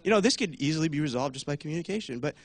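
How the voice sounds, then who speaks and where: A man's voice: fairly high pitch, animated, rapid-fire, dry recording. Chatty man with a dry, close sound. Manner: chatty, many fillers, acts out voices. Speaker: church speaker. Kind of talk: casual sermon talk.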